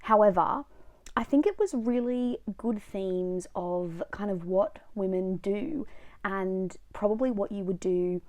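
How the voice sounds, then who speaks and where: A woman's voice: medium pitch, a little slow, darkish tone. A young woman chatting casually about books she has read, rambling a little with lots of fillers. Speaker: book vlogger. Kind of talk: casual book review vlog.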